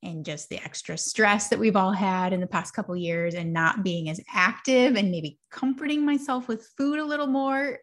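A woman in her forties hosting a podcast, chatting casually and reflectively, laughing now and then as she talks. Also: mid-range voice. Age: 40s. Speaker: podcast host.

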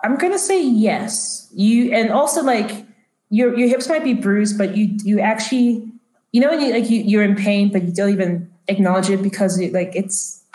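A woman acts as game master for a tabletop game, narrating in a chatty, filler-heavy way. Her middle-pitched, mellow voice moves at a moderate pace and echoes around the room.

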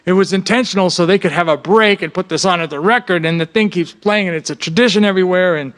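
Man, music therapist, workshop talk, animated, joking, fairly high voice, quizzes the audience. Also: fast. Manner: animated and joking, breaks into sung snippets; asks the audience frequent questions.

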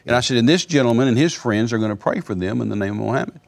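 An older man with a gravelly, creaky voice, telling stories as a guest minister on a broadcast interview. He talks in a folksy way, often doubling his words as he goes, at an average pitch. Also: lively intonation, very fast.

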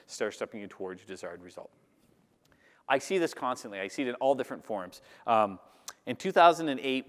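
A man giving a lively talk to a live audience, acting out the voices of the people he describes. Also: medium pitch. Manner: animated, acts out audience voices. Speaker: public speaker. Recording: long hall reverb.

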